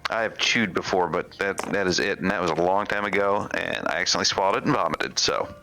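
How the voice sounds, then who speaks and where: Man, stream co-host, forceful bright tone, low voice, faint music behind. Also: fast, low-quality recording. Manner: easygoing, self-deprecating banter. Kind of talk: casual live-stream commentary.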